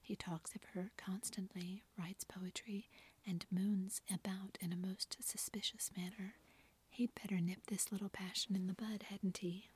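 A woman's voice: medium pitch, little pitch movement, a little slow, slightly rough. Woman whispering a teasing young joker, whispered role-play. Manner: whispered, theatrical banter. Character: playful teasing young man, tall joker.

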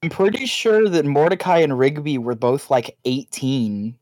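A man co-hosting a podcast, teasing the others with deadpan jabs in casual chat. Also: on the high side, a little slow. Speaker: podcast co-host.

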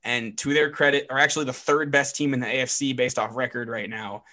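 A young man with a mid-range voice hosts a casual sports chat. He sounds upbeat and keeps the segments moving with quick asides. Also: medium pitch, fairly even intonation, bright, forceful tone. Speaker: sports podcast host.

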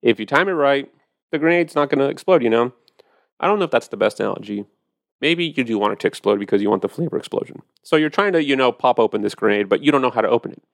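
A man's voice: mid-range voice, lively intonation, quick pace, creaky, dry recording, clean studio sound. A man hosting a podcast, chatting casually and animatedly about wine, with profane storytelling. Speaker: podcast host.

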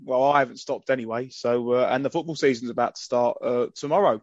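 A man's voice: medium pitch, steady tone, brisk, hardly any pauses, no room sound. A man, co-hosting a casual football podcast and chatting cheerfully with lots of ums. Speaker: podcast co-host. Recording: dull, lo-fi dry call audio.

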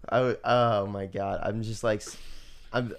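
A young man co-hosting a casual podcast chat, rambling with lots of fillers and restarts, laughing often. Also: on the low side. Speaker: podcast co-host.

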